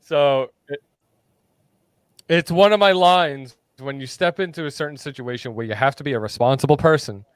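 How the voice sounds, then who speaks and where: Smooth-voiced laughing male co-host. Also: on the high side, moderate pace, dry recording. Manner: laughing, storytelling. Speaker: podcast co-host. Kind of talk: casual chat.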